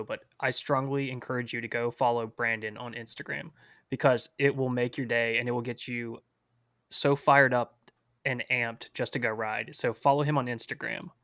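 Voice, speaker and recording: A man's voice: medium pitch, little pitch movement, fairly quick, fairly bright tone, dry recording, studio quality. A man from Boone, North Carolina, hosting a casual podcast interview in a friendly, affirming way. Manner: friendly, affirming, laughs along. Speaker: podcast host.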